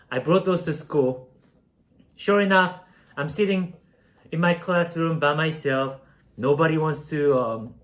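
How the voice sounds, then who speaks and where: A young man from South Korea casually telling a story while baking, rambling and self-deprecating, with many fillers. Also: fairly high pitch. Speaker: streamer.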